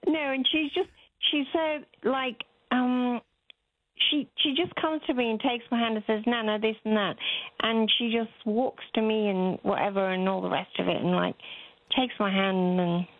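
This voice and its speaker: A woman's voice: fairly high pitch, steady tone, moderate pace, no room sound. An older woman, calling into a radio show, who rambles and hesitates with many fillers. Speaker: caller. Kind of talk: casual phone chat. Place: phone call into a radio show. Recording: tinny phone line.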